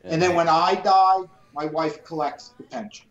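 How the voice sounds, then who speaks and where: A middle-aged man, a retired police officer and business owner, telling animated and profane stories on a casual podcast and acting out both sides of the dialogue. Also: a little high, moderate pace, lo-fi sound, crowd noise. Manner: animated, profane storyteller who acts out dialogue. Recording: roomy echo.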